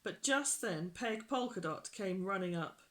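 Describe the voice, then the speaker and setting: A storytime reader narrating a children's picture book gently and unhurriedly for young listeners. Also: medium pitch, lively intonation, measured pace.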